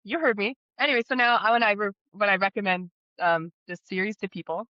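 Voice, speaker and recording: A woman co-hosting a book podcast in casual chat, giggling often and speeding up when excited. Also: mid-range voice, a little fast, dry recording. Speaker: podcast co-host. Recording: slightly dull lo-fi audio.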